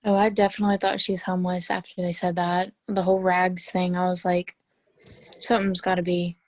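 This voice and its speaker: A woman's voice: lowish voice, little pitch movement, brisk, darkish tone, no room sound. A teenage girl on a video call, chatting emphatically about a book with classmates. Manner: emphatic, talkative. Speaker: student in book discussion. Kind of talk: casual video call discussion.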